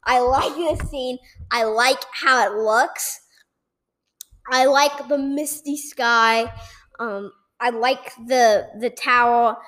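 A woman guest on a casual podcast chat. She talks slowly in a high voice and teases the host in an unhurried way. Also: fairly bright tone.

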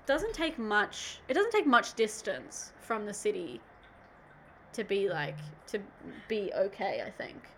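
A woman's voice: medium pitch, sing-song, slow, a little hiss or hum. A young woman co-hosting a casual podcast chat, rambling with lots of 'like' and 'um' and trailing off mid-thought. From Australia. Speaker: podcast co-host.

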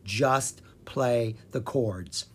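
A narrator voicing a calm, patient wandering bard who turns commanding in danger. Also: medium pitch, drawn-out words, breathy edge, voice pushed down. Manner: steady, commanding when urgent.

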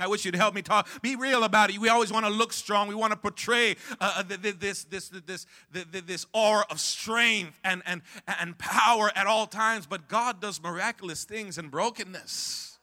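A male pastor preaching a sermon who calls on the congregation to answer back, swings from hushed to loud, and stumbles over repeated words when worked up. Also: high-pitched, steady tone, normal speed, few pauses.

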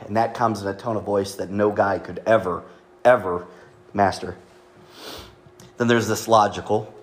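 A man's voice: on the low side, steady tone, normal speed. A man preaching a sermon as pastor, chatty and joking, with asides to the congregation. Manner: joking, conversational, with audience asides.

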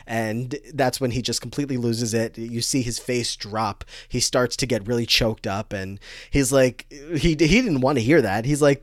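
A young man co-hosting a podcast, casually chatting and rambling through an animated recap full of fillers. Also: mid-range voice, moderate pace, no echo, studio quality. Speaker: podcast co-host. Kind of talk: casual chat recapping a TV episode.

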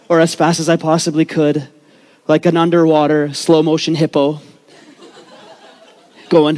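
A man's voice: fairly high pitch, steady tone, moderate pace, long pauses, darkish tone. A man from Vancouver, telling his life story on stage as a comedic talk, candid and profane with joking asides to the crowd. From Canada, Vancouver.

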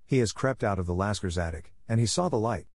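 A man voicing a gentle, hopeful young girl who speaks in an earnest, tender and polite way. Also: fairly low pitch, lively intonation, fast talker, no room sound, clean studio sound. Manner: earnest and tender, softly affectionate.

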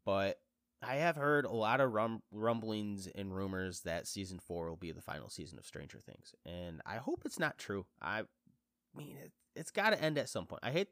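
A man vlogs casually about a series he loves, rambling with fillers and restarts. His low voice swings widely and animatedly in pitch. The recording is dry and close, with no room sound. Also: lively intonation, normal speed, fairly bright tone, dry recording. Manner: rambling and fan-enthusiastic, with many fillers and restarts. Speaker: vlogger reviewing a TV series. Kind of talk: casual chat to camera.

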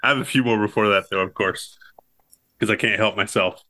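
A man's voice: lowish voice, steady tone, fairly quick, pushed and bright. A man co-hosting a casual movie podcast, recounting scenes and cracking up as he goes. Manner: cracks up while recounting quotes. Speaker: podcast co-host.

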